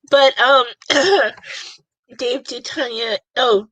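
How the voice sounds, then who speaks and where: Bright-voiced emotional woman host. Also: fairly high pitch, slow pace, no echo. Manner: emotional, rambling, many fillers. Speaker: podcast host. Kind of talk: live panel show chat.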